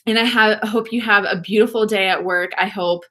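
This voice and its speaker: A bubbly young woman chats with viewers at home as she does her makeup on a livestream. She gushes, laughs easily and speaks at a middling pitch into a webcam mic. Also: fairly even intonation, a little fast, sharp tone. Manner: bubbly, gushing, laughs often, talks to viewers. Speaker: beauty vlogger. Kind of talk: casual livestream makeup chat.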